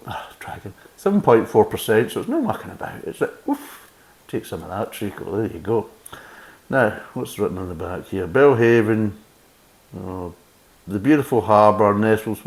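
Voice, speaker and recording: Scottish man, sarcastic and blunt beer reviewer, mid pitch with lots of movement. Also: expressive, brisk, darkish tone. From Scotland. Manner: sarcastic, blunt and swearing, reading the label aloud with mocking asides. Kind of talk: casual review chat.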